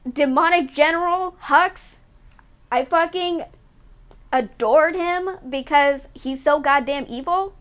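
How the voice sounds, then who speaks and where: A young woman streaming, chatting casually with her viewers, ranting loudly and swearing a lot. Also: high-pitched. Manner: swears a lot, ranty and animated. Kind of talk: casual chat with live chat.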